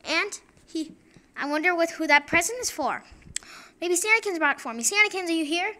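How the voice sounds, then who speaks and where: Chatty woman hosting a toy show, high bright voice. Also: animated, a little fast. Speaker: host of a toy video show. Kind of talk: playful toy show presenting.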